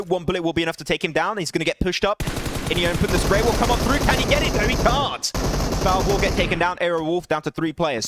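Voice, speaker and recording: Fast, high-voiced young male esports caster. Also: a little hiss or hum. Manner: excitable, rising to shouts at big plays, laughing apologies to chat. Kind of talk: solo live esports play-by-play.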